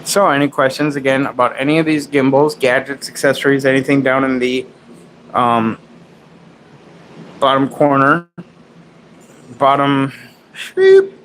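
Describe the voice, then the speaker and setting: A man's voice: mid-range voice, little pitch movement, a little slow, pauses often, fairly bright tone, slight background noise, low-quality recording. A man in his forties hosting a casual tech livestream, chatting loosely and rambling with fillers. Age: 40s.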